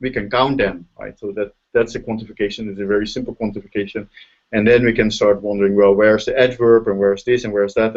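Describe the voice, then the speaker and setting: Dutch-accented professor on a dull video call. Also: male voice, on the low side. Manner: explains step by step, often checks in with "right?". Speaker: linguistics professor. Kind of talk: casual lecture over a video call.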